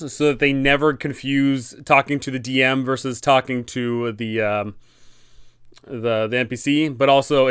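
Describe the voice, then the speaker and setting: Male game-master streamer, casual and rambling; smooth, somewhat high voice, dry close-mic sound. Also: a bit bright, no echo. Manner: rambling, many restarts and fillers. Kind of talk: casual livestream chat.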